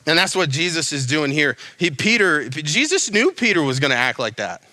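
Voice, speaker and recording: Bright-voiced young man preaching casually. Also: fairly high pitch, moderate pace, dry recording. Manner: casual, animated preaching with slangy asides. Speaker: pastor. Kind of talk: sermon.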